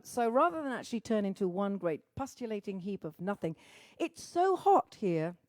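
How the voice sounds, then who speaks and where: A woman's voice: mid-range voice, a little mellow, no room sound. Chatty woman, dry close sound. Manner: chatty, theatrical, swears freely, greets viewers by name. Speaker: singer-songwriter hosting a livestream. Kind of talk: casual chat greeting viewers. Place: very hot room at home.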